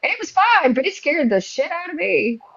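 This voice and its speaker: A middle-aged woman hosting a podcast, telling stories in a casual, animated way and acting out her own past reactions. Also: very high voice, normal speed, creaky. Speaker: podcast host. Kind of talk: casual chat. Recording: dull, dry lo-fi sound.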